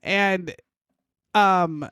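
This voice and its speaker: A woman's voice: on the low side, very slow, clear, resonant tone, no room sound. A woman co-hosting a true-crime podcast, animatedly retelling a case in casual chat. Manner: animated retelling, acts out quotes in shouted voices. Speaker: podcast co-host.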